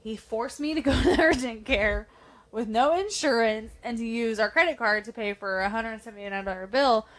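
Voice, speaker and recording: A woman's voice: fairly high pitch, normal speed, fairly bright tone. A woman co-hosting a podcast, telling a story in casual chat, laughing often and swearing freely. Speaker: podcast co-host.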